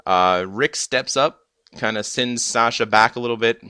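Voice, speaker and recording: A man's voice: mid-range voice, normal speed, bright, forceful tone, clear, resonant tone, dry recording, clean studio sound. A young man casually recapping a TV episode, rambling with lots of fillers and restarts. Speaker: episode reviewer.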